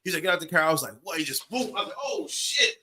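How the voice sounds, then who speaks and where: A man in his forties telling a story in casual podcast talk, animated and acting out voices and sounds. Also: fairly high pitch, racing, a crowd in the background. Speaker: podcast co-host.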